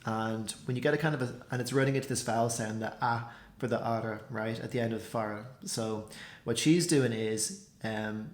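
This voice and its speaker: In an echoey room, a medium-pitched man teaches a language in a casual, explanatory way. His delivery is loose and talkative, packed with "like" and "so" fillers.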